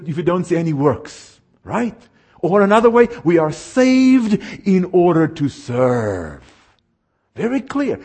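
A man preaching a sermon, slowing down to stress verses and asking the audience questions. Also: sits high, darkish tone, breathy edge. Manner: emphatic, slows down to stress scripture, asks audience questions.

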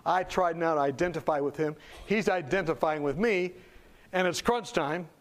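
A man's voice: a little high, moderate pace. A male preacher telling a story in a sermon, acting out the dialogue and dropping into whispers for the quoted lines.

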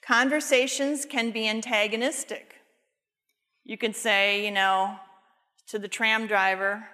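A woman's voice: a little high, steady tone, measured pace, bright, forceful tone. A woman giving a devotional talk, earnestly retelling a story and quoting its people's words. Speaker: Bible teacher. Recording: long hall reverb.

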